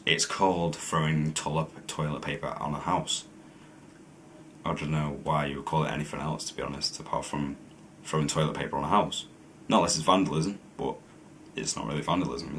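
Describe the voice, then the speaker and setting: Blunt, low-voiced young man. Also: slight background noise. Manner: blunt, swears freely, reads questions aloud. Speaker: vlogger. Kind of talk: casual accent-challenge vlog.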